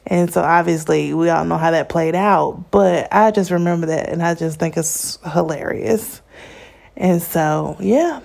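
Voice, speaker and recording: A woman's voice: on the low side, gravelly, a little mellow. A young woman telling a personal story in a candid, chatty way, often laughing as she talks. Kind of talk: casual storytime monologue.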